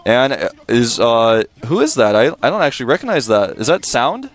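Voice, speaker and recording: A man casting a live video game match from a studio, excitable and rambling, breaking into jokes. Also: medium pitch, normal speed. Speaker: esports caster. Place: broadcast studio.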